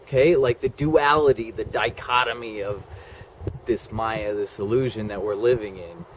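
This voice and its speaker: A man's voice: on the low side, normal speed, slight background noise. A man telling a personal story in a rambling way, full of "like" and "okay?" asides. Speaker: vlogger.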